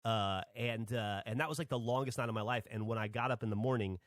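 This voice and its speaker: A man's voice: on the low side, fast, dry recording, studio quality. A man from Alabama, a podcast host, telling a rambling story in casual chat and swearing freely.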